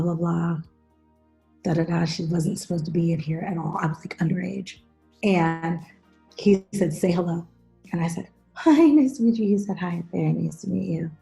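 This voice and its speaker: A middle-aged woman hosting a podcast, telling stories in a casual, animated way and acting out what people said. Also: fairly low pitch, creaky. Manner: animated storyteller, acts out quotes. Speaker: podcast host and actress. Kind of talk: casual chat, storytelling.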